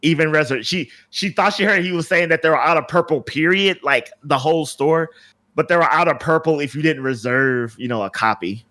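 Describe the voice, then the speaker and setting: A man's voice: on the high side, brisk, bright, forceful tone. A man co-hosting a podcast, telling a rambling story with lots of fillers and restarts in casual chat. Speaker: podcast co-host.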